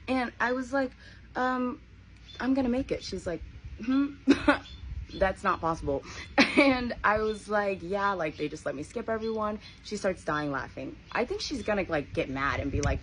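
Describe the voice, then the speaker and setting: A woman's voice: mid-range voice, moderate pace. A young woman telling a personal story in a casual vlog, acting out the voices of people she quotes. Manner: animated, acts out quoted voices. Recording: noisy background ambience.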